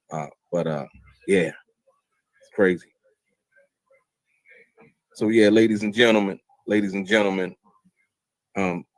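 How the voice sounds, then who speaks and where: A man hosting a casual livestream, talking in a laid-back, unhurried way. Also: low voice, no room sound, poor audio. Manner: laid-back, with frequent fillers and restarts. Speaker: podcast host.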